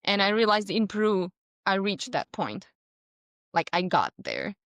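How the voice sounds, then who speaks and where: A woman's voice: mid-range voice, unhurried, no room sound. A woman, a podcast guest telling a story animatedly in casual conversation. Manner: animated storytelling with laughs and voiced quotes.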